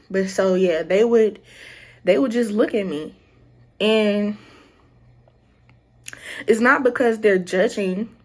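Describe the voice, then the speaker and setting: A young woman with a Southern American accent talks casually to her viewers. She tells stories in an animated way and acts out the greetings she traded with people. Her voice sits at a middle pitch. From Southern United States. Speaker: vlogger. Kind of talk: casual chat.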